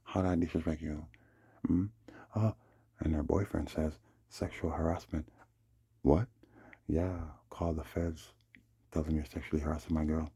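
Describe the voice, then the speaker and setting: Man, agitated vlog rant; very low, raspy voice with fry, mellow, dry close mic. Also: steady tone, unhurried, long pauses, no echo. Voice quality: husky, gravelly. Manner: agitated, repeats himself, acts out the other people's lines. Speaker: vlogger. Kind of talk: rambling monologue recounting a dispute.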